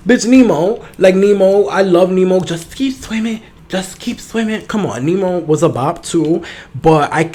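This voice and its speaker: Sassy, campy young male podcaster. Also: fairly high pitch. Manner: sassy, profane, campy and animated. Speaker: podcast host. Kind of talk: casual solo podcast chat.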